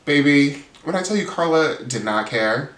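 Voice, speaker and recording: A man's voice: a little high, lively intonation, moderate pace, fairly bright tone, a little hiss or hum. A man hosting his channel, recapping a reality show in a chatty, gossipy way full of "like.". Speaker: reality TV reviewer, channel host. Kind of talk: casual recap chat. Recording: roomy sound, distant mic.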